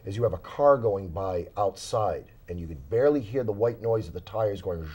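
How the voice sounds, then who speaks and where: Husky man telling ghost stories. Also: on the low side, normal speed. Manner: animated storyteller, many fillers and restarts. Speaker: paranormal investigator guest. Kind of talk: casual interview storytelling. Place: small studio.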